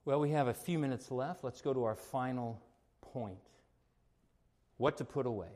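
A man preaching a sermon, emphatic, shifting between quiet explanation and raised, forceful exclamations. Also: medium pitch, normal speed. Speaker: pastor.

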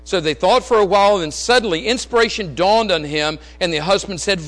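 High-voiced male preacher, earnest sermon. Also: brisk, few pauses, rough recording. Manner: earnest, storytelling, swings between raised and hushed delivery.

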